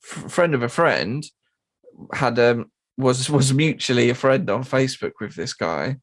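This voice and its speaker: A man tells a story on a casual podcast, his pitch leaping around as he talks. He swears freely and jumps into high, squeaky impressions of other people. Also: measured pace. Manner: animated, sweary, mimics people in high voices. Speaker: podcast co-host and drummer.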